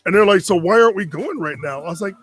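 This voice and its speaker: A man's voice: high voice, fast talker, soft background music. A man in his forties from Connecticut telling a long story casually, acting out the other people's lines. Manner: animated, acts out quoted voices.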